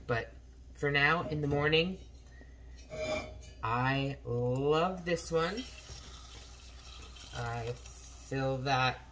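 A woman's voice: low-pitched, a bit bright, poor audio. A tired woman just out of bed, chatting casually in a vlog while hurrying around her home kitchen. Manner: rambling, talks while hurrying about the kitchen. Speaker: cooking vlogger. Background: faint coffee machine hiss.

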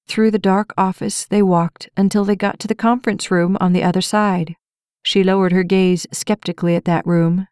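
A woman narrating a romance audiobook with even, measured storytelling. Her voice sits a little low. The sound is close and dry, with no room in it. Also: clean tone, no room sound. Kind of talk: scripted narration.

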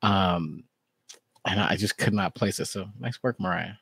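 A man's voice: deep voice, unhurried, vocal fry, a bit bright, breathy edge, no echo. A man co-hosting a podcast in casual chat, rambling and restarting his sentences as he quotes his own reactions. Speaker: podcast co-host.

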